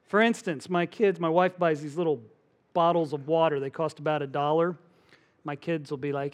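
A middle-aged man preaching from the pulpit, telling stories and acting out the voices of the people in them. His voice sits a little high for a man, and he preaches with an animated, conversational delivery. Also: moderate pace. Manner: animated storytelling, acts out voices. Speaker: pastor. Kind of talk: sermon.

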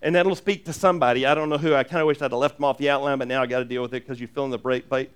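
A man preaching a sermon as pastor, earnest and animated, with jokey asides and lots of repeated restarts. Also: medium pitch, racing, smooth.

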